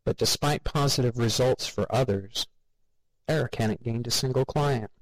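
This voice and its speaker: A man narrating an audiobook in a measured, wry way. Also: mid-range voice, dry recording, poor audio.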